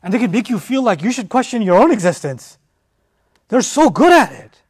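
A man giving an animated, emphatic scripture lesson as a teacher, with frequent restarts. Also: high-pitched, moderate pace, slightly rough. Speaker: Quran teacher. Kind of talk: lecture on scripture.

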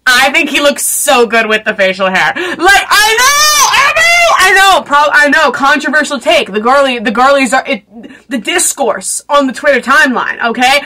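A young woman reacting to a movie in casual commentary, gushing and excitable, often laughing and swearing. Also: sits high, moderate pace, a little hiss or hum.

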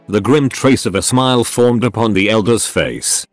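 A synthetic male voice narrating a story in a steady reading manner. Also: on the low side, normal speed, no room sound, soft background music.

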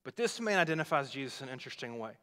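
A pastor preaching a sermon, retelling a scripture story in a conversational, explaining way. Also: male voice, medium pitch, sing-song, rapid-fire, sharp tone. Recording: long reverb of a large hall.

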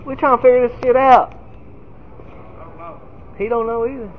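Guy with a high voice cussing and joking around, loud noise behind him. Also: steady tone, normal speed, phone-quality sound. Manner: joking, profane banter, laughs often. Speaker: vlog host. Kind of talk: casual chat.

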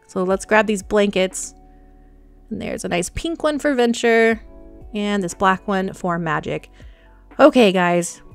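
A young woman hosting a gaming channel, chatting casually and excitedly through her gameplay and talking to her animals. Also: a little high. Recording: dry close mic with faint music.

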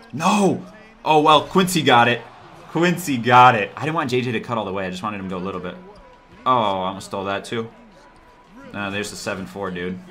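A man talking over his own basketball video game, cheering and groaning at the players and muttering to himself between plays. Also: medium pitch. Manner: excitable, talks to the players on screen, swings from mutters to yells. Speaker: gaming YouTuber. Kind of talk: live gameplay commentary.

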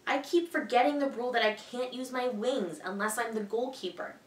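A woman's voice: on the high side, fairly quick, recorded from a distance, natural voice. A woman voicing a fretful young female goose in a storybook read-aloud. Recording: echoey room, voice a bit off-mic.

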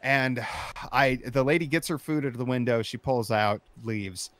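A man telling a personal story in casual conversation, animated and profane, getting loud as he recounts his frustration. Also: mid-range voice, normal speed, no room sound. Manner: animated, profane, rising to shouting when recounting anger. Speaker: storyteller in interview.

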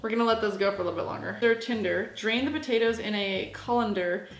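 A woman's voice: mid-range voice, quick pace, creaky, reverberant, slight background noise, poor audio. A woman from the United States, chatty and goofy, talking to herself while she cooks in her home kitchen for a vlog. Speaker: vlogger. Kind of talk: casual cooking vlog.

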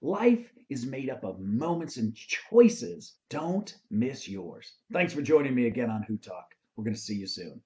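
A male host shares a motivational story with lively rises and falls in his pitch. He slips into the voices of the people in the tale as he goes. The audio sounds dull and slightly lo-fi. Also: unhurried, few pauses, slight background noise. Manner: animated storyteller, acts out quoted lines.

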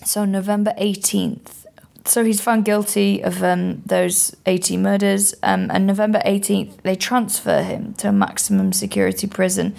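Gravelly woman telling stories. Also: medium pitch, expressive, moderate pace, a little mellow. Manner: swearing, rambling storyteller. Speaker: comedian and podcast co-host. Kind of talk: casual chat.

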